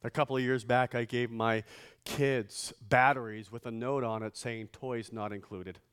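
A middle-aged man, a pastor, preaching a sermon with funny stories and loud, emphatic swells on key lines. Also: mid-range voice, steady tone, moderate pace, clean tone.

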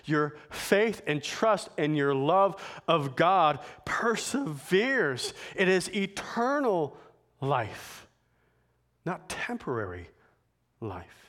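A man preaching a sermon, building to emphatic, forceful points. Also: a little high, very animated. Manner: emphatic preacher, rising to forceful climaxes, slow deliberate phrasing. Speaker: pastor.

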